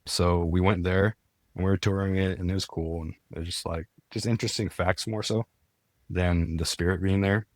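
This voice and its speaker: A man's voice: low-pitched, fairly even intonation, normal speed, no room sound, clean studio sound. A young man, a podcast guest, telling his story in a casual, earnest way, full of "like" and restarts. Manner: earnest, many "like" fillers and restarts.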